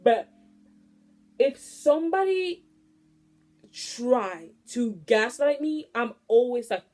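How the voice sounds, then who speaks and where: A young woman in her late teens venting bluntly to her vlog audience, profane and animated as she rants. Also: on the high side, slow pace, faint music behind. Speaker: vlogger. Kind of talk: casual venting monologue.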